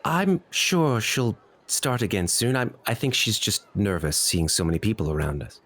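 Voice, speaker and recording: A man doing a gentle soothing mother. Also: on the low side, expressive, normal speed.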